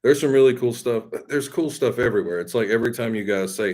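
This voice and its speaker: A man's voice: on the low side, quick pace, few pauses, darkish tone. A man with a Southern accent, hosting a live stream and chatting casually with viewers in a rambling, folksy, self-deprecating way. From Mississippi.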